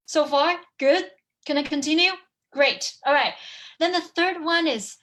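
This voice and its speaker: A woman teaching over a video call, lively and hands-on, humming examples and quizzing her listeners as she goes. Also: high-pitched, unhurried. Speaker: language teacher and online course presenter. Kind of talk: live webinar talk with demonstration.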